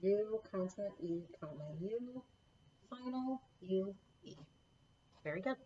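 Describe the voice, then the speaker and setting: Slow, patient woman teaching phonics. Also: mid-range voice, lively intonation, dark tone, highs cut off, a little hiss or hum. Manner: patient, slow, encouraging, spelling out sounds. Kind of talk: recorded phonics lesson for children. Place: home classroom setup with a board.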